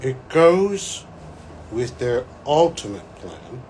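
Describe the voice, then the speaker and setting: A man, a psychic, talking to camera as he recounts a vision, animated and breaking into excited exclamations. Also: medium pitch, extremely slow, a little hiss or hum, rough recording. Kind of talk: solo talk recounting a vision.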